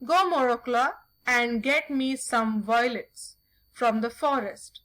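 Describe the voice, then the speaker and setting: A spoiled, cruel young woman from a folk tale who makes threats, as a woman reads aloud. The voice is high and the delivery slow. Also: a bit bright. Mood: threatening. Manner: bossy and threatening.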